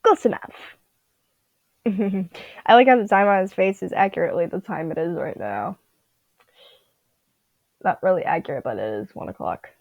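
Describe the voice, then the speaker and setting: A groggy young digital artist vlogger rambles and giggles to herself while drawing at home at night. Her lowish, gravelly voice is animated, with a moderate pace and long pauses. The dull lo-fi home mic has no room sound.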